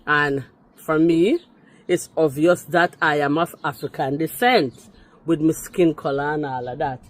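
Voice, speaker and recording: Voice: fairly even intonation, unhurried. Indignant middle-aged Jamaican-accented speaker. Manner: emphatic and indignant, mixing patois with English, rising sharply in pitch on rebuttals. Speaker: vlogger responding to another video. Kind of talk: heated response rant to camera.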